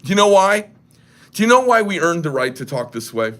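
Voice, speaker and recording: A man's voice: high-pitched, big pitch swings, brisk, fairly bright tone. A man who makes knives hosting a casual livestream, rambling and joking crudely. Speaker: knife maker and shop host.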